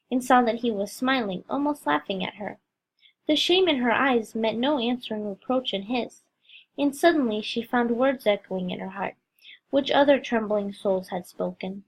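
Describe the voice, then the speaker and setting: A woman's voice: a little high, breathy edge. Woman reading a story aloud. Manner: steady, expressive storytelling. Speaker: reader. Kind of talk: reading a Christian allegory aloud.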